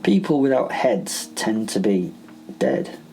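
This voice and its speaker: A man's voice: on the low side, big pitch swings, slow pace, warm tone, soft background music, rough recording. A man, reading a first-person horror story in a casual way with joking asides. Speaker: podcast host.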